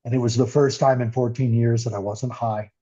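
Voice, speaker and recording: A man's voice: medium pitch, fairly even intonation, fairly quick, warm tone. An older man telling his recovery story as an interview guest, earnest and emotional. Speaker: podcast guest. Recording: muffled lo-fi audio.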